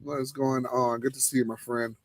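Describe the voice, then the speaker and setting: A man hosting a live cigar show in casual chat, laid-back and laughing, trailing off into low murmurs. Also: flat delivery, brisk, a little hiss or hum.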